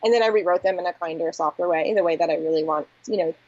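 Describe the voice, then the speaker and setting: A woman's voice: on the low side, fast, darkish tone, no echo. A woman agency founder talking candidly and reflectively as an interview guest, often saying "like" and "you know". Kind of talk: conversational interview. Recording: dull dry audio.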